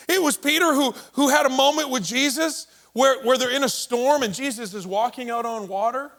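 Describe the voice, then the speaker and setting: Bright-voiced, high-pitched male pastor. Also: moderate pace, few pauses. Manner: conversational storytelling, playful asides. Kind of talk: sermon.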